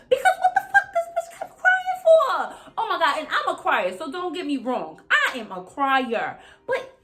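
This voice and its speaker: A young woman vlogger in a casual, animated rant, swearing freely and jumping between topics, often mimicking other people. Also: medium pitch. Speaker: vlogger recapping reality TV. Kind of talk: casual chat.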